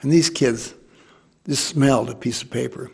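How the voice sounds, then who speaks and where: Old american guy telling a story, raspy husky voice, gets animated doing the quotes. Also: medium pitch, moderate pace. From United States. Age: older. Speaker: interviewee.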